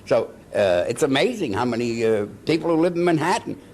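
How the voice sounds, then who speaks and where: An older man, a veteran actor being interviewed, telling stories in an animated way, chuckling and acting out the people he quotes. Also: mid-range voice, brisk, slight background noise. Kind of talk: anecdotal storytelling.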